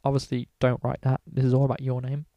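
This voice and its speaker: A man's voice: mid-range voice, monotone, fast, mellow, dry recording, highs cut off. A man talking casually through a drawing tutorial, rambling and swearing in almost every sentence. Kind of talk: casual screen-recorded tutorial.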